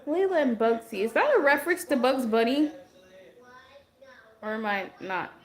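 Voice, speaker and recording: A woman with a voice a touch higher than most chats casually on a livestream, replying to viewer comments one after another. Her voice is going a little hoarse from talking for a long time, and it comes through a simple built-in mic. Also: very animated, moderate pace. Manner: chatty, answers viewer comments as they come in. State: losing her voice. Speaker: livestream host.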